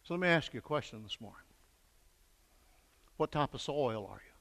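An older man preaching a fervent sermon, swinging from hushed lines to shouted peaks and calling for answers from the congregation. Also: medium pitch, expressive, moderate pace. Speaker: pastor. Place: church sanctuary. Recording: echoey church hall.

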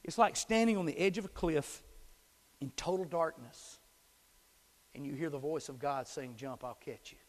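A middle-aged man preaching a sermon as a pastor, swinging from hushed whispers to shouted climaxes. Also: on the high side, animated, moderate pace, long pauses, long reverb tail. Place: church sanctuary.

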